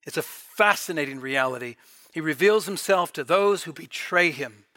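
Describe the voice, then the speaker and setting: A man preaching a sermon with fervent delivery, swelling loud and dropping to near-quiet. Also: fairly high pitch, lively intonation, normal speed. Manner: fervent, rising and falling in volume.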